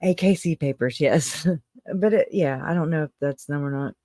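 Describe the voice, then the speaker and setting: Emotional livestream host just rambling to chat, laughing a lot, average pitch, dry close sound. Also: normal speed, a little mellow, dry recording. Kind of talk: casual livestream chat, reading out viewer comments.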